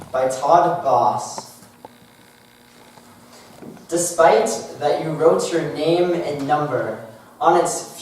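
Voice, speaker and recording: A teenage boy reciting a poem as a student contestant, slow and measured, trailing off quietly at line ends. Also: a little high, a little hiss or hum. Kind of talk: poetry recitation. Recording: echoey hall from far off.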